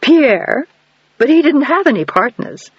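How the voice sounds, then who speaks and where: A man's voice: very high voice, sing-song, no room sound, lo-fi sound, voice pushed up, heavily acted. A male narrator voicing a blunt, direct middle-aged American countess in an audiobook. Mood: surprised. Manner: blunt, direct, quick exclamations.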